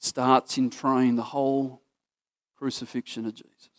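A man's voice: mid-range voice, level tone, measured pace. A man with an Australian accent preaching a casual, story-driven sermon that acts out what people in the story say.

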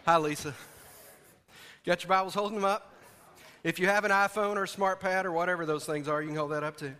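A man's voice: high voice, fairly even intonation, fairly quick, pauses often, pushed and bright, clear, resonant tone. A man preaching a sermon as a pastor, folksy and joking, leading his congregation in call-and-response. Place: church sanctuary. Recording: echoey church hall.

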